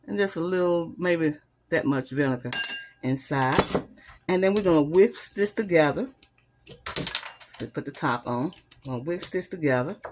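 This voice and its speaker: A woman's voice: deep voice, expressive, normal speed, pauses often. A woman hosting a home cooking video, demonstrating a recipe in a chatty, homey way and calling her viewers y'all. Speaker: home cooking channel host. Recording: noisy kitchen with clattering utensils. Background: whisking, dishes and cutlery clinks.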